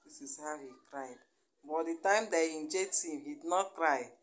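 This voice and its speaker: A woman's voice: deep voice, normal speed, low-quality recording. A young woman with a Nigerian accent, chatting casually in a family vlog and repeating her phrases. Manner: chatty, repeats phrases, warm pleading sign-off. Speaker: family vlogger.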